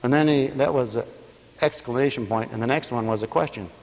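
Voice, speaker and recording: A man's voice: mid-range voice, brisk, gravelly, in a large hall. A man preaching a sermon to a radio audience, telling stories and acting out the voices of people in them.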